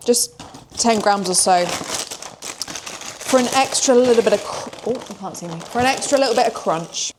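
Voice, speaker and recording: A woman's voice: medium pitch, noisy background. A young British woman, an online fitness coach, chatting casually and rambling in a day-in-the-life vlog, swearing now and then.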